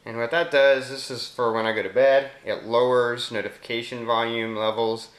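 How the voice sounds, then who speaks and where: Southern man demoing a phone app, roomy sound. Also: medium pitch. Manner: relaxed, explanatory, speaks voice commands slowly to the phone. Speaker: app demonstrator. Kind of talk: casual screen demo narration. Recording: roomy echo.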